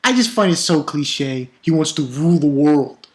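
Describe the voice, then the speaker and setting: Animated ranting male manga reviewer. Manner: animated, exasperated ranting with sudden pitch jumps; halting, with frequent repeated words. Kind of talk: casual spoken chapter review.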